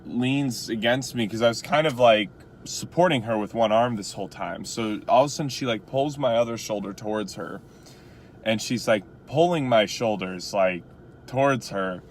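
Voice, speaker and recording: A man's voice: lowish voice, moderate pace, a little hiss or hum. A rideshare driver from Chicago, telling a story casually and packing his talk with "like" and "you know". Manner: chatty, lots of "like" and "you know".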